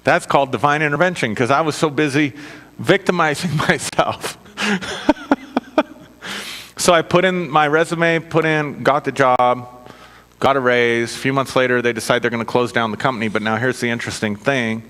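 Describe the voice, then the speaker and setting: A middle-aged man preaches in an easygoing, conversational way, mixing personal stories with self-mocking asides and frequent quick check-ins with his listeners. His voice sits at an ordinary mid pitch. It carries a long reverb, as if recorded in a large hall. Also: a bit bright. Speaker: minister.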